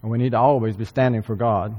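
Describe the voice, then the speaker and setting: A man preaching a sermon, earnestly repeating key phrases for emphasis and often clearing his throat. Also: mid-range voice, fairly even intonation, quick pace, muffled recording. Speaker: church speaker. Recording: long hall reverb.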